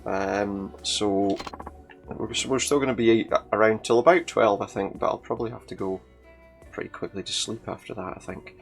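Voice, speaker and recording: A man's voice: fairly low pitch, steady tone, moderate pace, gravelly, soft background music. A young man casually commenting while playing a video game and reading its dialogue aloud. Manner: casual, chatty, reads character lines in varied voices. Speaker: gameplay commentator.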